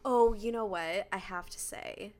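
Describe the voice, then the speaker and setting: A woman's voice: medium pitch, darkish tone. Chatty, giggly young woman co-host. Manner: chatty, giggly, quick to laugh. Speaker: podcast co-host. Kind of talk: casual chat.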